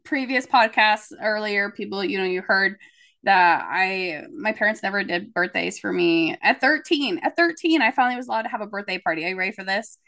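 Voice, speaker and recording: Her voice sits in the mid range and moves briskly. She's a podcast host in casual conversation, spinning lively stories and performing other people's lines as she quotes them.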